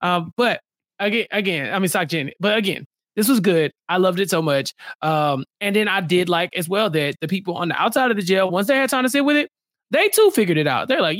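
A man talks casually through a reality show recap, and his voice sits high and swings widely in pitch as he acts out the quotes. The recording is dry and close, with no room sound. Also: animated, fairly quick, fairly bright tone, dry recording. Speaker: podcast co-host.

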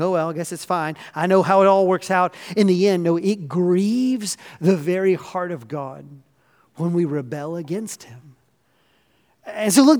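A man's voice: high voice, big-room sound. A man preaching a sermon as a pastor. He speaks earnestly and passionately, building emphasis with repeated phrases.

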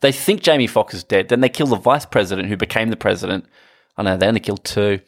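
Gravelly low-voiced man, blunt and sweary. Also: quick pace, no echo, clean studio sound. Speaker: podcast co-host. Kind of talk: casual movie podcast chat.

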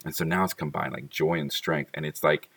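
A man's voice: a bass voice, fairly even intonation, a little fast, a bit bright, distant mic. A man talking fondly about his children in a casual, rambling monologue full of "like" and small laughs.

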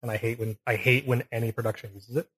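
A man co-hosting a casual film podcast rambles and restarts while explaining camera technique in technical detail, correcting himself along the way. His medium-pitched voice is quick, fairly bright and breathy, with little pitch movement. The audio is poor and the levels uneven.

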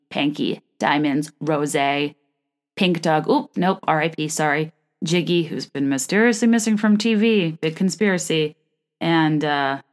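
A woman hosting a podcast, talking in a chatty, rambling way with self-deprecating humor. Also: low voice. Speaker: podcast host. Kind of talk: casual chat.

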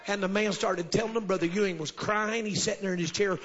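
Male preacher, high and husky, mid-sermon, lo-fi live church recording. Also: steady tone, quick pace, a little hiss or hum. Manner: builds to shouted call-and-response, sprinkles amen. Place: church service with congregation.

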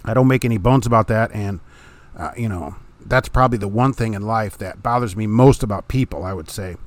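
A man's voice: lowish voice, a little fast, no echo. A middle-aged man, a truck driver hosting his own podcast, talking in a casual, blunt and opinionated way and laughing between points. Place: home room.

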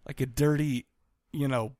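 A man's voice: mid-range voice, moderate pace, dry recording, clean studio sound. A man co-hosting a podcast, recapping a movie in a loose, jokey chat and often slipping into silly voices for the characters. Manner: animated, jokey, acts out characters in quotes. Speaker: podcast co-host.

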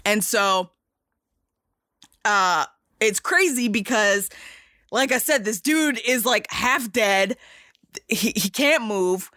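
A young woman casually retelling a movie plot, chatty and excitable, swearing and acting out quotes. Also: mid-range voice, slow, long pauses, dry recording, clean studio sound.

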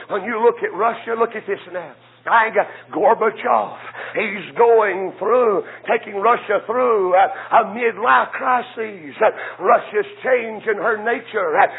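A man preaching a sermon with a fervent, rhythmic cadence, punctuating phrases with "uh" and "amen", his voice raspy. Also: sits high. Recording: lo-fi, phone-like old tape.

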